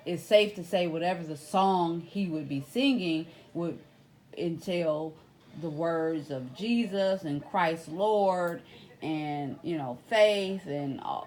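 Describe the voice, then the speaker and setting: Animated Southern woman commentating. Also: on the low side. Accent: Louisiana Southern US. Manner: animated, rises sharply when excited, many fillers. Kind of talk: casual commentary.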